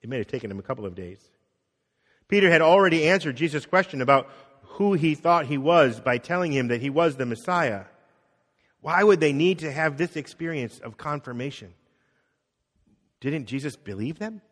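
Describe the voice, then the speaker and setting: A man's voice: on the high side, expressive, normal speed. Conversational man preaching in a hall. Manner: conversational, acts out quotes, drops soft on key words. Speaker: pastor. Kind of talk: sermon. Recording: long reverb of a hall.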